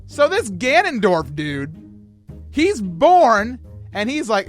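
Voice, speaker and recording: A man hosting a casual livestream discussion about a game, excitable and rambling, often laughing at himself. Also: sits high, slow, faint music behind. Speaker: host.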